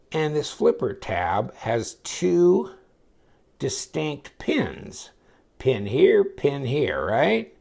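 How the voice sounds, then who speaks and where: Gravelly, excitable man reviewing a knife. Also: medium pitch. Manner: rambling, excitable, talks to viewers while handling the knife. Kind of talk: casual product review.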